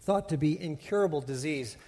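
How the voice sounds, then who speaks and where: A man's voice: a little high, brisk, warm tone, big-room sound. A man preaching a sermon, teaching in a conversational way with frequent restarts and repeated words. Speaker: pastor.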